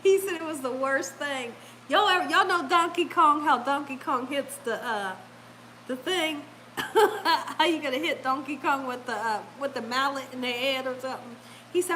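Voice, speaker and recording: A woman telling a story casually to her viewers, animated and laughing often as she acts out the people in it. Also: high-pitched, normal speed, a little hiss or hum, low-quality recording. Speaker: vlogger talking to her live chat.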